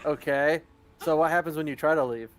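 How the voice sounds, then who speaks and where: A man's voice: fairly high pitch, a little fast, noisy background. A man playing a tabletop game over a video call, plain and matter-of-fact as he talks through his moves. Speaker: player. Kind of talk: casual game chat.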